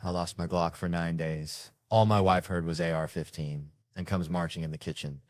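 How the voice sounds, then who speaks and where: A man's voice: low-pitched, fairly even intonation, moderate pace, dry recording. A man telling a stand-up story in a rowdy, profane manner, imitating the people in it. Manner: rowdy, profane anecdotes with mimicked voices. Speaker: stand-up comedian.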